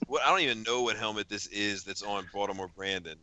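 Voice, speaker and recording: A man's voice: on the low side, fast, bright, forceful tone, no room sound. A man hosting a casual podcast chat, telling a long story and reading out text messages with frequent laughs. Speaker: podcast host.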